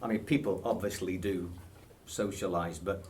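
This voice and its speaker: Speaking with a British accent, a man in his sixties fields questions in a casual interview, full of ums, hesitations and chuckles. The voice is low-pitched and darkish, with a steady tone and a moderate pace.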